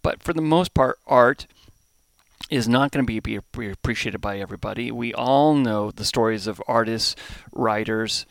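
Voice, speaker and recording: A man's voice: mid-range voice, moderate pace, vocal fry, no room sound. A middle-aged American man, a brewery founder, being interviewed on a podcast; he is thoughtful and often restarts his phrases while he searches for words. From United States. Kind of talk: reflective conversational interview. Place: home in Hawaii.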